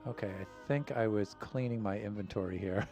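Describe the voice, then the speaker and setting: Low-voiced easygoing male streamer. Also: normal speed, soft background music. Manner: easygoing, rambling, many fillers and soft chuckles. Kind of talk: live game stream commentary.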